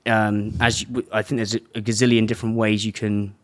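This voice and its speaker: A man's voice: fairly low pitch, flat delivery, fairly quick. A man hosting a podcast, chatting casually with his guest in a laid-back, sweary way. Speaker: podcast host.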